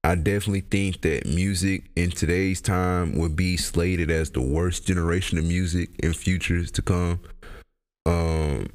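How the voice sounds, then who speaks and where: A man's voice: deep voice, fairly even intonation, a little slow. A young man hosting a casual solo podcast, talking in loose, profane slang and often trailing off into laughter. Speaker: podcast host.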